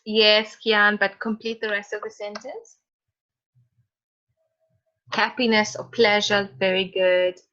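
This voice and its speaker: A woman's voice: medium pitch, level tone, slow, pauses often, sharp tone, muffled recording. A woman teacher giving an online class lesson, calling on students by name and encouraging them. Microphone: video call.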